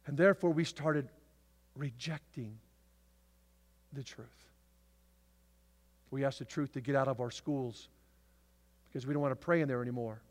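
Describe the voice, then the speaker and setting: A man preaching a sermon to his church, swinging from loud, emphatic declarations to hushed asides. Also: mid-range voice, fairly even intonation, moderate pace, long pauses. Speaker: pastor. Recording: long hall reverb.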